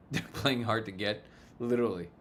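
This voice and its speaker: A man's voice: on the low side, normal speed, fairly bright tone, slight background noise. A man hosting a casual livestream, reading viewer comments aloud and joking with a frequent chuckle. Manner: jokey, chuckles often between remarks. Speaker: livestream host.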